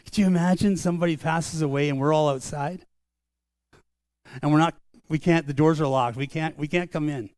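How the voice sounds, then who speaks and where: An older man preaching a sermon as pastor, earnest and conversational, slowing down for solemn lines. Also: on the high side, steady tone, darkish tone, no room sound, studio quality. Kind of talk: sermon storytelling. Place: church sanctuary.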